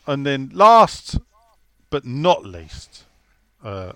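A man's voice: mid-range voice, big pitch swings, drawn-out words, pushed and bright, smooth, no echo. A man with a London accent, co-hosting a football podcast in casual, ranting banter full of swearing. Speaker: podcast co-host.

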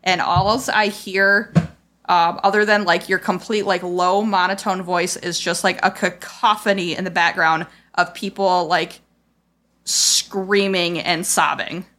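A woman's voice: lowish voice, steady tone, unhurried, bright, forceful tone. A woman hosting a podcast, telling a painful family story in a casual, rambling way, full of "like" and quoted remarks. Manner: rambling, heavy on "like" and "I was like" quotes; raw, frustrated retelling of a painful memory. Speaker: podcast host.

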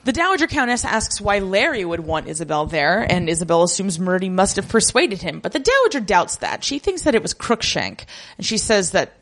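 Wry, animated woman recapping a drama. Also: medium pitch, brisk. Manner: animated, wry, mimics characters' lines. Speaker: podcast co-host recapping a TV drama. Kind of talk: casual chat.

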